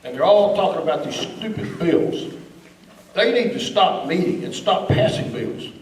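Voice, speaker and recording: A man with a fairly high voice speaks at a political meeting, emphatic and scornful in tone. He is picked up from across an echoey room with faint background noise. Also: animated, moderate pace. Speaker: guest speaker. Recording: echoey room, recorded from a distance.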